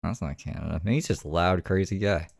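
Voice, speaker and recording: A man's voice: sits low, quick pace, gravelly, no echo, clean studio sound. A man hosting in a casual, rambling commentary style, swearing and mocking himself. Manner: rambling, profane, self-mocking. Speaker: host.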